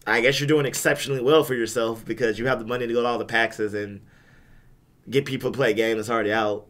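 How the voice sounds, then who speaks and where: A man's voice: mid-range voice, steady tone, fast, fairly bright tone. A young man chatting casually as a podcast co-host, rambling and often stumbling over and repeating his words. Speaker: podcast co-host back from a gaming convention. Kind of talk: casual chat.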